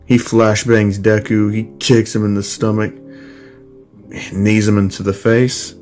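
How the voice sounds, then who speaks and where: A man's voice: lowish voice, little pitch movement, a little slow, a little mellow, soft background music. A man casually retelling a fan story, rambling with many fillers and crude swearing.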